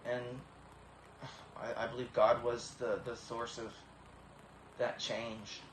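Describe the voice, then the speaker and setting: Man, 30s, emotional testimony, halting and earnest, near tears, flat delivery; echoey room, faint hiss. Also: medium pitch. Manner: halting, many repeated starts, earnest. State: tearful, emotional. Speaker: vlogger.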